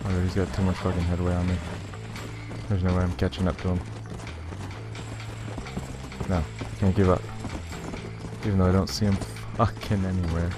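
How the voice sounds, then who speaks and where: Young male gamer, deep voice, swears a lot while playing, game music under him. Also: flat delivery, normal speed, pauses often. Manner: frustrated, swears constantly. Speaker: let's play gamer. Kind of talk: gameplay commentary. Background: game music and horse hooves.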